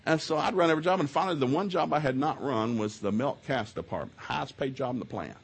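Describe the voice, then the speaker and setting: Man, middle-aged, husky voice, folksy marriage seminar teaching, swings from loud to quiet. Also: medium pitch, lively intonation, fast talker. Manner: folksy storytelling, acts out both sides of arguments. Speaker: seminar speaker. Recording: live audio of a seminar talk.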